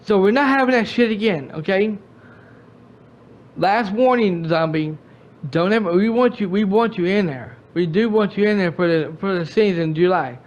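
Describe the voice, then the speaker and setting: A man's voice: sits high, moderate pace, muffled recording. A man, hosting a gaming channel, ranting and scolding a friend with angry repeated restarts. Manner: angry, repetitive, stumbling restarts.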